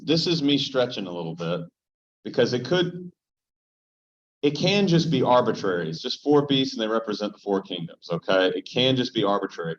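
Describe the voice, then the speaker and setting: A man teaching a Bible study as pastor, joking and animated as he tells stories and puts questions straight to the small group in front of him. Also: medium pitch. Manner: joking, animated storyteller who addresses the group directly. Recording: dull, lo-fi sound.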